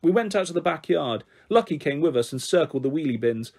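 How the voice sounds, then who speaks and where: A man reads a children's book aloud in a gentle, expressive storytelling manner. His voice sits fairly high for a man. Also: fairly quick, vocal fry.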